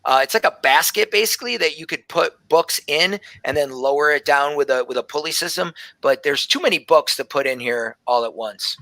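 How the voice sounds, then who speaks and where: A man's voice: a little high, a little fast, hardly any pauses, pushed and bright, dry recording, rough recording. A man narrating as game master of a tabletop game, describing scenes loosely with many fillers.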